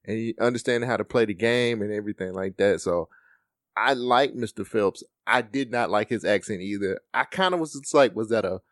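A lowish-voiced man co-hosting a podcast talks a little fast as he casually discusses a movie. He gets animated acting out quoted lines, and the sound is dry and studio-clean.

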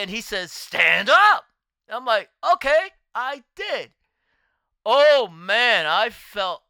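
A man spins a personal story on his podcast, his voice swinging widely up and down as he exclaims and chuckles along the way. The tone is bright and clear, recorded close and dry with no room sound. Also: high-pitched, no room sound. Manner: animated, exclaiming, often laughing. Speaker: podcast host and artist.

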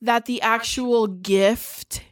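An American woman co-hosting a casual chat about TV shows, blunt, profane and animated in her storytelling. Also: fairly high pitch, extremely slow. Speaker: podcast co-host.

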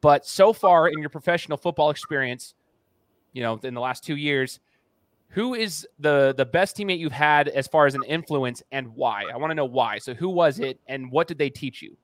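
A male podcast host who talks in a chatty, animated way and interviews his guest. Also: on the high side, normal speed, dry recording. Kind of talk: casual interview talk.

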